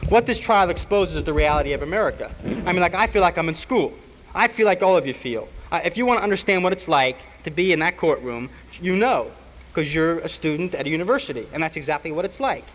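A man who is on trial tells a university audience a mocking, animated story, full of fillers and impersonations. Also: on the high side, fast, long reverb tail, slight background noise, poor audio. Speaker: trial defendant addressing students. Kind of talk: animated public speech.

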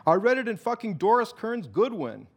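A man voicing an excitable, rambling male conspiracy sidekick in a raised, insistent voice. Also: moderate pace. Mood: excited. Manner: high-pitched, rambling, insistent.

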